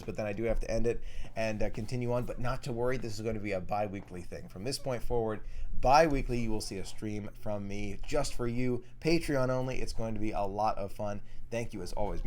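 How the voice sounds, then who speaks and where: A man's voice: mid-range voice, darkish tone. A young man hosting a casual live stream, reading viewer comments aloud and answering them in a chatty way.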